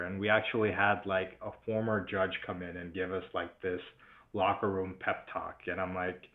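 A man co-hosting a podcast, telling stories in a relaxed way and laughing often as he talks. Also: low voice, normal speed. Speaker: podcast co-host, former prosecutor. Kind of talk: casual podcast conversation. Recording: dull podcast audio.

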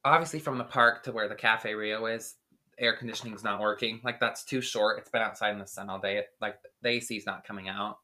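A man's voice: fairly low pitch, a little fast. A man co-hosting a podcast, telling a rambling story in casual chat with lots of filler words. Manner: rambling, filler-heavy, animated retelling. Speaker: podcast co-host.

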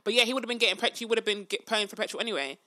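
A woman's voice: medium pitch, racing, pushed and bright. A young woman in casual chat, giving firm opinions and often asking if she's understood. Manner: opinionated, keeps asking "do you know what I mean".

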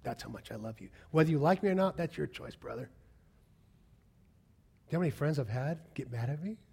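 Pastor guy preaching, kinda husky, pitched a bit high, gets loud then drops to a whisper. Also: expressive, brisk. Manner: impassioned, swinging from loud to hushed whispers. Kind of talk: sermon.

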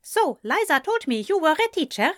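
A woman reading an audiobook, voicing a cheerful young female shop worker with a Spanish accent and a bright, teasing manner. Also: very high-pitched, very animated, moderate pace, voice pushed up, exaggerated voice. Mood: friendly teasing.

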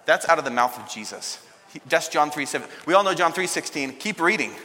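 A man's voice: on the high side, lively intonation, fairly quick, big-room sound. A man preaching a sermon, telling a story and now and then acting out the people in it. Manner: storytelling, acts out a shouting king in bursts.

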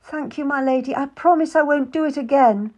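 A woman's voice: sits high, a little fast, a little mellow, voice pushed up, lightly acted. A woman voicing a timid young lady-in-waiting, speaking in a shaky, tearful, pleading way.

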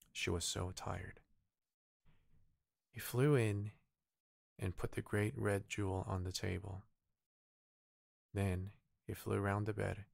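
A man reading a bedtime story aloud in a gentle, unhurried way. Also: lowish voice, vocal fry, no echo, clean studio sound.

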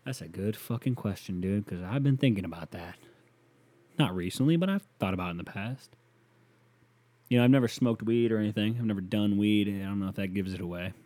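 A man hosting a solo podcast, rambling and swearing as he answers listener email, swinging from loud rants to muttered asides. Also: fairly low pitch, brisk. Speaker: podcast host.

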